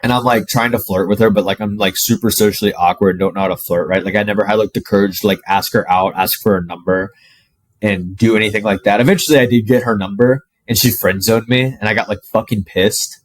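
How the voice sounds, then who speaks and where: A young man telling a personal story to camera in a casual, animated way, full of "like" and the odd swear word. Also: fairly low pitch, a little fast, no room sound, rough recording. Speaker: dating coach.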